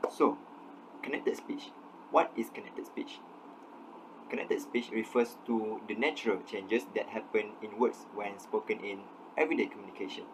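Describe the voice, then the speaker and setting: A man's voice: lowish voice, normal speed, background noise. A man giving an academic class presentation, steadily reading out definitions and examples. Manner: steady, read-out explanation with definitions. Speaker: student presenter.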